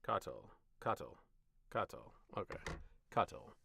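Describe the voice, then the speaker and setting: Deep gravelly-voiced man recording voiceover. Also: big pitch swings, measured pace, sharp tone. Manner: reads scripted lines, then chats loosely about his delivery. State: tired voice. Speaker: voice actor. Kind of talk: voiceover session with casual commentary.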